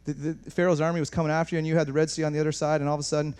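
Animated man preaching a sermon. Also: a little high, very fast, smooth. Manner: animated preaching, swings between soft asides and raised emphasis. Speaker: pastor.

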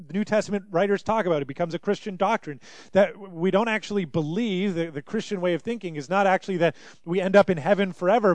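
A man's voice: sits high, fast talker, no room sound. A man preaching a sermon as pastor, in an earnest, emphatic way.

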